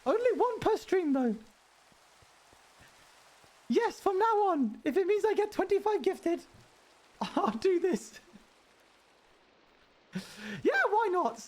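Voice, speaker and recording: Guy streaming in a super high head voice, chatty, rambly, laughs a lot. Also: sing-song, slow pace, pauses often. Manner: speaking in a put-on high head voice. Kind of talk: casual live-stream chat while gaming.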